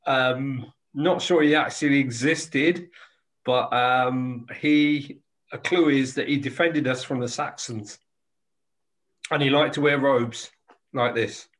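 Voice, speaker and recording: A man co-presenting a casual church live stream, easygoing, explaining in halting bits. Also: mid-range voice, fairly bright tone.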